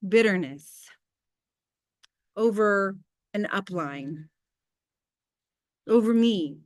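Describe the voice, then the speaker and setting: A woman in her thirties hosting a casual motivational team call, chatty and candid, with quick asides and faith talk. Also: mid-range voice, lively intonation, no room sound, studio quality.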